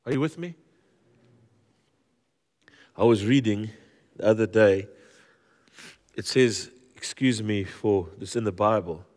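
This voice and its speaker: A low-pitched man delivers a sermon in a church, telling stories with humor and an animated, stop-start flow full of repeated words. His voice rings out with the long reverb of a large hall. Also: takes it slowly, pauses often. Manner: lively, joking storyteller with many repeated words. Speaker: guest preacher. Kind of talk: storytelling sermon.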